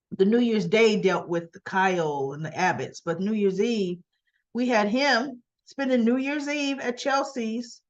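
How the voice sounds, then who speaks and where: A woman casually retelling soap opera scenes, chatty, often clearing her throat and acting out bits of dialogue. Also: on the high side, lo-fi sound. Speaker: soap opera recap host.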